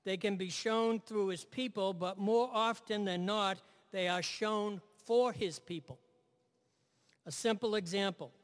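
A man's voice: sits high, steady tone, measured pace, clean tone, long reverb tail. A man preaching a sermon in a conversational way, asking his listeners "right?" and repeating key phrases.

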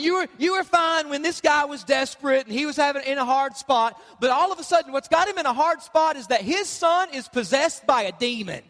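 A man preaching as a pastor, lively and conversational, often putting on the voices of the people he quotes. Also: very high-pitched, in a large hall. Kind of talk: sermon. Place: church.

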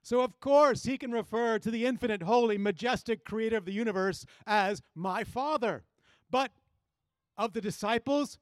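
A man preaching a sermon as a pastor, reading scripture aloud and acting out the quoted lines with shifting pitch and pace. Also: moderate pace, no echo, studio quality.

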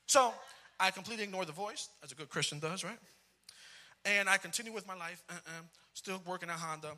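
A man in his thirties preaching a comic personal story, animated and dropping in Spanish phrases. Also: high-pitched, a little fast. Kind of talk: storytelling sermon.

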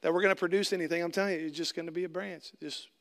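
A man's voice: high-pitched, steady tone, rapid-fire, a bit bright. A middle-aged man preaching a conversational sermon, asking the congregation questions and acting out little scenes with jokes. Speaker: pastor.

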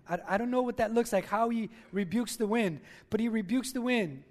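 A man's voice: high-pitched, brisk. A male pastor preaching a sermon, talking straight to his listeners and repeating key lines for emphasis.

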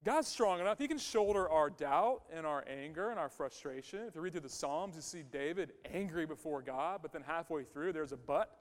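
A man's voice: on the high side, animated, normal speed, few pauses. A male pastor giving a conversational sermon, emphatic and repeating his key phrases. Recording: long hall reverb.

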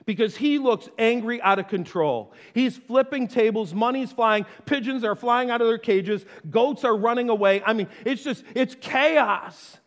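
A man preaching a sermon as pastor, conversational and playful, with quick asides and acted-out quotes. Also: very high-pitched, big-room sound.

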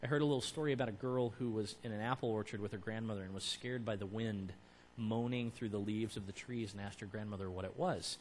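A man preaching to his church in a conversational way, building to emphatic, louder peaks. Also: fairly low pitch, steady tone, fast talker, slight background noise, rough recording. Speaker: pastor. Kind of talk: sermon.

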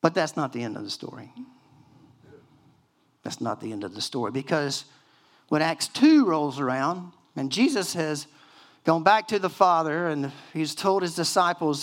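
An older man in his sixties preaching from the pulpit, his voice pitched a touch higher than most men's. He tells stories casually and with animation, leaning on fillers as he acts out the scenes he describes. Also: moderate pace. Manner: animated storytelling with many fillers and acted-out quotes. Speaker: pastor. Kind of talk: sermon.

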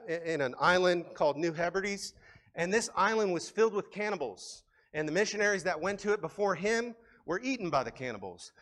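A man with a fairly high voice delivers a sermon from the pulpit. He talks casually and with animation, repeating and restarting words as he builds his points. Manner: conversational, animated preaching with frequent restarts. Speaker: pastor.

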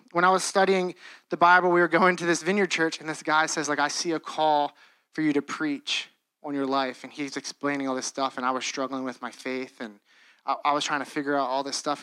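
High, bright-voiced young man preaching. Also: fairly even intonation, a little fast, clean tone, no echo. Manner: earnest, conversational, with frequent restarts and "like". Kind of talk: sermon.

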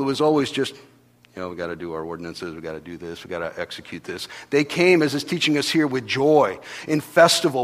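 Male pastor, higher-pitched, animated sermon storyteller, long hall reverb. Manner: animated storytelling, swinging from hushed to loud, acting out voices. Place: church hall.

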